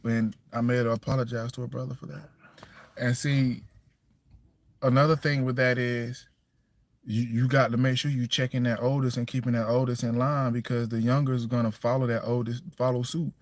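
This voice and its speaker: A man talks loosely and plainly on a casual livestream, circling back and repeating himself as he goes. His pitch sits in the middle of the male range. He comes across firm and direct about how his household should run. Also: level tone, moderate pace, dry recording. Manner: loose, repeats himself, keeps asking "you know what I'm saying". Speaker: single father livestreaming.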